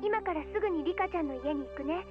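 A sweet but urgent teenage schoolgirl from an anime game. She speaks very high and fast, caring yet firm. Game music plays underneath. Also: dull audio. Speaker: game voice actress.

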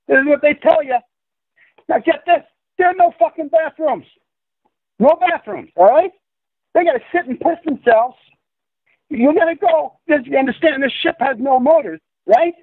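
A man's voice: very high-pitched, animated, normal speed, dry recording. A man on a call-in interview, ranting in a profane, insistent, lecturing way. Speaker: guest. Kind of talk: conspiracy rant in a call-in interview. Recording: tinny phone-line audio.

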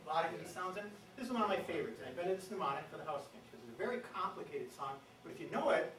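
A man giving a lively, jokey bird talk to an audience, breaking into bird-call imitations. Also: high-pitched, rapid-fire. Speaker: bird expert giving a presentation. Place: meeting room with an audience. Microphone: distant from the microphone. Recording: echoey room from far off.

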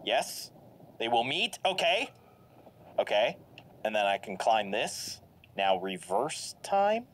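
A man giving lively, jokey commentary while playing a video game, reacting aloud and laughing often. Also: mid-range voice, slow pace, long pauses, a little hiss or hum. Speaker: gameplay commentator. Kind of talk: let's play commentary. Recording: game music playing behind. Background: game music.

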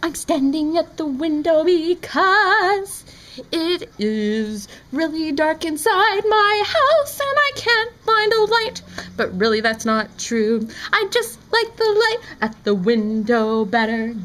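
Playful high-voiced young woman vlogging. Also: very animated, slow, fairly bright tone, poor audio. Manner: playful, goofy, breaks into sing-song. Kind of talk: casual vlog with silly made-up songs. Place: indoors at a window at home. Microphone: camera mic.

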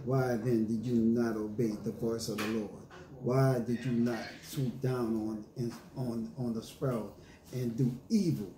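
A man's voice: medium pitch, steady tone, measured pace, dark tone, a little hiss or hum. Preaching man in an echoey church. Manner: preaching with scripture reading and call-and-response; emphatic, paraphrases scripture in casual slang. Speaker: pastor. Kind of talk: sermon. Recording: echoey room with faint ambience.

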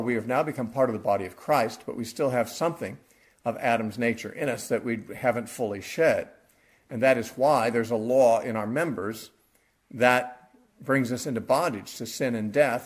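A man teaches through a scripture passage verse by verse, in a plain, mid-pitched voice. His delivery is unscripted and explanatory, and he restarts phrases and corrects himself as he reasons aloud. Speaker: Bible teacher.

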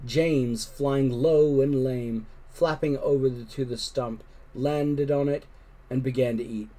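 A man reading a children's storybook aloud with gentle, expressive narration. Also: medium pitch, slow. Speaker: storybook reader. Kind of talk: children's book read-aloud.

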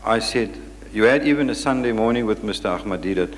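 A man's voice: lowish voice, expressive, a little fast, a little hiss or hum. A man chairing audience questions after a lecture, firm and insistent, cutting in to keep order. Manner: firm, insistent, interrupts speakers. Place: large lecture hall. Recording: long hall reverb.

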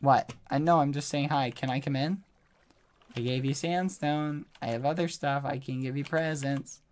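A man live-streaming a game, talking in a pleading, apologetic way with loud exclamations. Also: medium pitch, fairly even intonation, moderate pace. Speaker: gaming streamer. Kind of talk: live-streamed gameplay chat.

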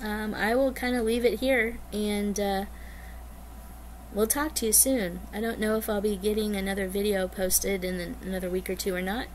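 Woman, casual vlog chat, rambling, excitable, mid pitch, faint background noise. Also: normal speed. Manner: chatty and rambling, bubbly and excitable. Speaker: cross-stitch vlogger.

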